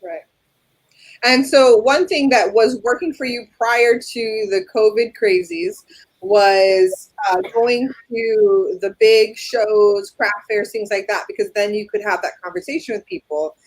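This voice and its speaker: A woman's voice: medium pitch, a little slow, no echo, rough recording. Woman hosting a live online show, chatty and friendly, dry close sound. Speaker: host.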